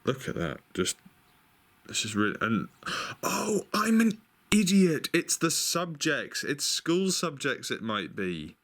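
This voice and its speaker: A man in casual chat as a vlogger, excitable, thinking aloud, exclaiming and swearing now and then. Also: mid-range voice, a little slow. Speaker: vlogger showing stationery.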